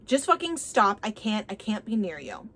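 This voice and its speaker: A woman's voice: medium pitch, sing-song, moderate pace, a bit bright. A woman voicing a bitter, swearing young man who accuses a woman of betraying him. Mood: bitter, accusing. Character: angry heartbroken young man.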